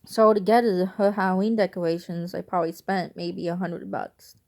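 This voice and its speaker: A woman's voice: fairly low pitch, steady tone, moderate pace, gravelly, a little mellow. A young adult woman vlogging, telling a casual, rambling story that turns wistful at times.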